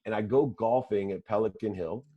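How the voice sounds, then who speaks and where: A man who is a guest on an interview show, telling a personal story in an animated way with repeated phrases. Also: fairly low pitch, normal speed, dull audio.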